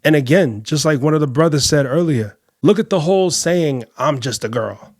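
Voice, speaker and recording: Guy hosting a podcast, talks straight to the fellas, kinda high voice, dry mic. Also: moderate pace, no room sound. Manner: direct, addresses viewers as fellas and ladies. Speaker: podcast host. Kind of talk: commentary on clips.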